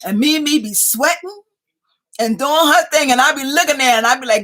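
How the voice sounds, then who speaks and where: Fifties woman, live stream host; high, bright voice, chatty and quick to laugh. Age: 50s. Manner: chatty, laughs often, teasing. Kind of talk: casual live chat reading viewer comments.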